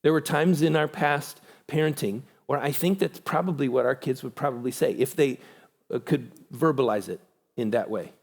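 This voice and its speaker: A man giving a church conference talk, animated, acting out quoted voices with big pitch jumps. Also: normal speed. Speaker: conference speaker.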